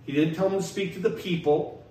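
In an echoey hall with a distant mic and faint noise, a man preaches as pastor in a high, brisk, mellow voice with fairly even intonation. He's emphatic, repeating and restarting phrases and putting questions to the congregation.

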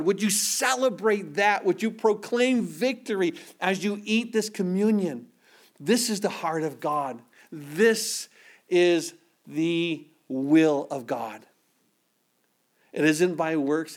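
A man with a notably high-pitched voice leads a church sermon as pastor. He preaches with emphasis, driving points home with rhetorical questions, and moves into prayer. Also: slow.

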